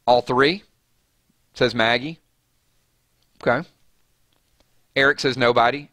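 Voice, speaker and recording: A man's voice: medium pitch, a little slow, long pauses, dry recording, clean studio sound. A man hosting a casual live stream, chatting loosely and reading out viewer comments, his voice jumping up on names and questions. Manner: animated, voice jumps up on names and questions.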